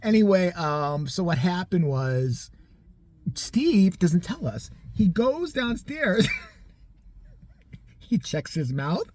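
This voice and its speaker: Vlogger, storytime, very tired, husky voice, lively up-and-down pitch, swears a lot, rambling. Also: takes it slowly, long pauses, no echo. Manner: profane, animated, tangent-prone.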